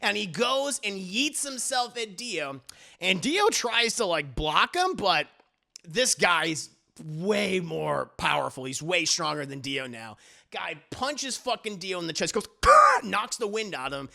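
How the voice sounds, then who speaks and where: A man giving a casual scene-by-scene recap to his live chat, in an animated, profane, laughing style. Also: high voice, a little slow, vocal fry. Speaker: TV reviewer streamer.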